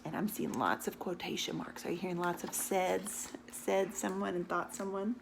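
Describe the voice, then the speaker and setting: A woman teacher reading a picture book aloud to her class, animated and often stopping to ask the children questions. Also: on the low side, moderate pace, gravelly, noisy background.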